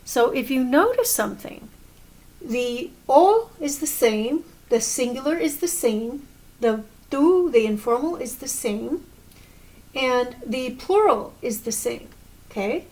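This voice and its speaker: A woman teaching a grammar lesson, explaining slowly and patiently and correcting herself as she goes. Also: sits high, lively intonation, a little mellow. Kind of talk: recorded classroom lesson.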